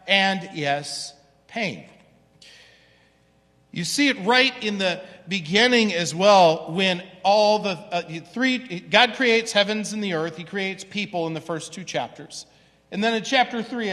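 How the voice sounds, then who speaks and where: A man's voice: high voice, bright, forceful tone, in a large hall. A man preaching a sermon as pastor, in a conversational way, often checking in with "right?". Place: church sanctuary.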